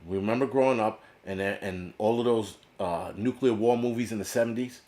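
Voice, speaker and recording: Host, middle-aged American man, lowish voice, blunt swearing rant, lots of restarts. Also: brisk, dark tone. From United States. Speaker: prepper channel host. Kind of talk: profane casual livestream rant.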